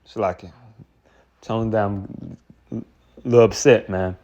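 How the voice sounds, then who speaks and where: A man's voice: on the low side, steady tone, slow pace, a little mellow. A man preaching in a heated, profane rant, often repeating and restarting words. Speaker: street preacher. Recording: dull lo-fi recording.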